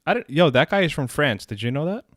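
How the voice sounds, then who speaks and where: A man's voice: fairly high pitch, lively intonation, fast talker, fairly bright tone, no room sound, clean studio sound. A man co-hosting a casual podcast stream, loose and laughing as he thanks viewers in the chat. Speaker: podcast co-host.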